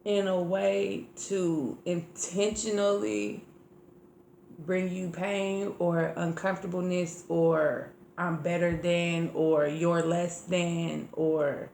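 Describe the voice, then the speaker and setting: A woman co-hosting a podcast, talking in a blunt, profane, animated way as she tells stories in casual chat. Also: on the low side, slow, creaky, a little hiss or hum. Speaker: podcast co-host. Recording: echoey room.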